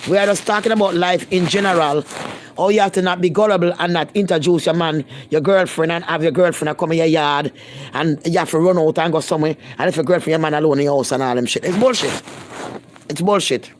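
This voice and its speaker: A woman's voice: sits low, fast talker, a little hiss or hum. A Jamaican woman holds a casual live-stream chat with her viewers, speaking in thick patois. She talks bluntly and emphatically, repeating lines to press her point. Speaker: vlogger.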